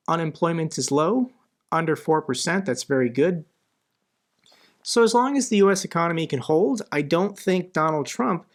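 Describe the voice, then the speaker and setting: A man answers viewer questions in a commentary show. His voice sits a little higher than usual, and he drives his points home by repeating phrases. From United States. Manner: emphatic, repeats phrases for stress. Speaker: political commentary host.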